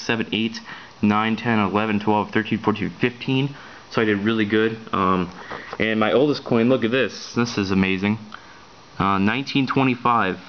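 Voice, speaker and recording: A man with a fairly low voice talks through his finds in a loose, show-and-tell manner. He hesitates often, filling gaps with ums and restarting his sentences, and hurries along. The camera audio is dull and lo-fi, with faint noise behind him. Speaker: coin collector vlogger. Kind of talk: casual show-and-tell vlog.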